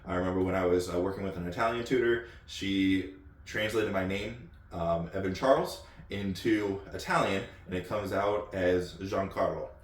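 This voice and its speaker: A low-voiced American man hosts his channel in a loose, off-the-cuff ramble, full of ums and repeated words. He sits some way from the mic in a room with a lot of echo. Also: normal speed. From United States. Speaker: channel host. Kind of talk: casual off-the-cuff talk. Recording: echoey room, distant mic.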